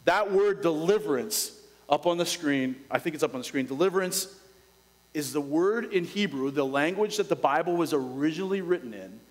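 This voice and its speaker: A male pastor preaching a sermon, dropping to a hush and then rising with urgency. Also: medium pitch, lively intonation, a little fast, long reverb tail, rough recording. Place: church.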